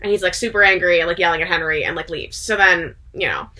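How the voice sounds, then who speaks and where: A woman vlogger rambles through a story she's retelling to a friend in casual chat, using "like" heavily and breaking into bursts of laughter. Her lowish voice moves at a quick pace and sounds pushed and bright.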